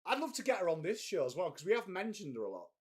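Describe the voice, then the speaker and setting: Hosting a live cricket watchalong, a man trades crude banter with his chat and reads messages aloud as he comments casually. His husky voice sits high, and he talks fast and very animatedly.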